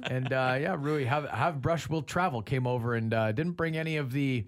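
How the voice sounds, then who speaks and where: A man's voice: medium pitch, normal speed, a little hiss or hum. Chatty radio host man. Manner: chatty, laughs easily, many fillers. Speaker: radio morning show host. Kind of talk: casual radio banter.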